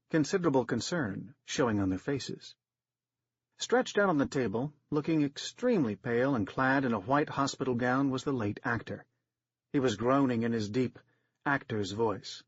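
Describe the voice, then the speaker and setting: A man narrating an audiobook in a steady, wry storytelling manner, in a dry, slightly dull recording. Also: mid-range voice, breathy edge, no room sound.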